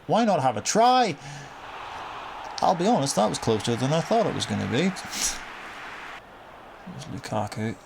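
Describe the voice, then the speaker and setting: A man's voice: on the high side, very animated, moderate pace, vocal fry, long pauses, noisy background. A young man casually commentating a football video game, wry and exasperated, cursing at his team's misfortunes. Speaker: gaming commentator.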